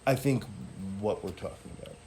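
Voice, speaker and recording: A young adult man in a casual interview, speaking in an easygoing, measured way with many "you know" fillers. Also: lowish voice, a little mellow. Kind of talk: casual conversation.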